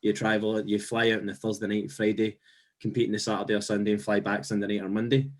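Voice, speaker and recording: Low-voiced man reminiscing. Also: little pitch movement, fast talker. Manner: reminiscing, repeats phrases. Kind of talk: casual chat.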